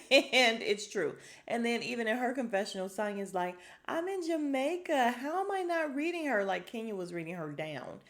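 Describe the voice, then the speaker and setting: Sassy woman podcaster, low voice. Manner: sassy, animated retelling with quick quoted asides. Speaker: podcast host recapping a reality show. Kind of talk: casual chat.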